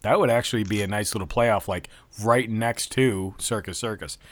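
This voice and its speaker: A man's voice: lowish voice, moderate pace. A man hosting a podcast, introducing calls and reacting with profane, laughing remarks. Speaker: podcast host. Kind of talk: casual chat.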